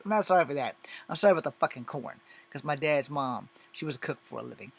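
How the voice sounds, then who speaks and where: A man's voice: a little high, animated, quick pace, creaky, husky. A man giving a profane, exasperated and sarcastic rant in a casual video, reacting to clips he has watched. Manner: exasperated, sarcastic, heavy swearing. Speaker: commentator on social media videos. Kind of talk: profane ranting commentary.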